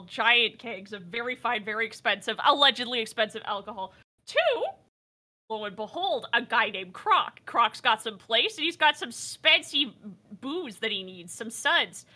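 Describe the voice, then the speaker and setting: A young woman recapping a tabletop game session, telling the story in a giggly, animated way. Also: on the high side, moderate pace.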